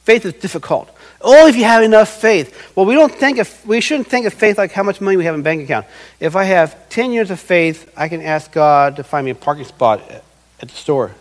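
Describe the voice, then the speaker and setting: A middle-aged male pastor delivers an earnest sermon in a high, light voice. He slips into little quoted voices to act out what people say, then comes back to plain teaching. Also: animated, brisk, poor audio.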